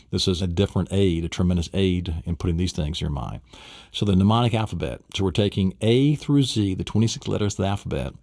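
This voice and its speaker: A man's voice: low voice, gravelly, no echo, clean studio sound. A man teaching a memory course in a recorded seminar lesson. He tells vivid little stories with sound effects and keeps asking rhetorical questions. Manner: animated storyteller, adds sound effects and asks rhetorical questions. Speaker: memory-training instructor.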